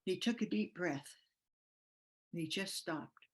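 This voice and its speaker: A woman's voice: fairly low pitch, animated, slow, slightly rough. Older woman, guest speaker, motivational speech, passionate storyteller, acts out quotes.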